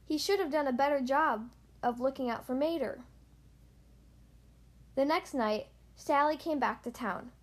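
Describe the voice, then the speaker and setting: High-voiced woman reading a children's story. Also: a little slow. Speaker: storybook reader. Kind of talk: children's story read-aloud.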